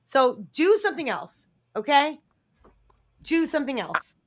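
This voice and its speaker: A woman's voice: sits high, very animated, unhurried. A woman on a live entertainment news show, ranting bluntly and swearing freely in casual chat.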